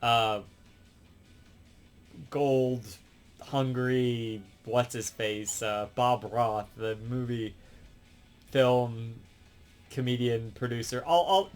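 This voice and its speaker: A man's voice: mid-range voice, very slow, pauses often, clean tone, soft background music. Rambling man recapping a cartoon episode. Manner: rambling, full of fillers and self-corrections. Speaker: show reviewer.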